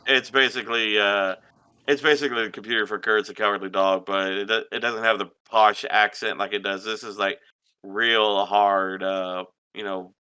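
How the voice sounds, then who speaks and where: A man co-hosting a casual group podcast, explaining things haltingly with many restarts. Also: fairly low pitch, steady tone, sharp tone, clean tone. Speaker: podcast co-host.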